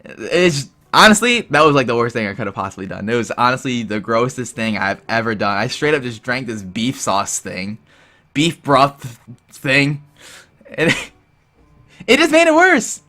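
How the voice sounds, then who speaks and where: A young man telling a story in a casual vlog, animated and rambling, full of "like" and "dude". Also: medium pitch, moderate pace. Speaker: vlogger.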